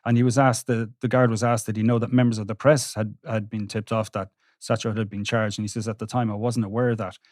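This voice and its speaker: A man, a court reporter recounting trial testimony on a podcast with halting restarts. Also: fairly low pitch, level tone, darkish tone, dry recording, studio quality. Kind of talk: podcast discussion.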